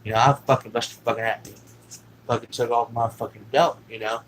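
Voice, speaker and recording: A man's voice: medium pitch, steady tone, a little fast, a little hiss or hum, rough recording. Profane, rambling male storyteller. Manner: rambling and heavily profane, with lots of fillers. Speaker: vlogger. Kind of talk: casual spoken storytelling.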